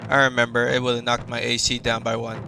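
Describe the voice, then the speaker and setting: Gravelly, flat-voiced man at the game table. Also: medium pitch, brisk, noisy background. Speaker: player. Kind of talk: casual chat at a game table.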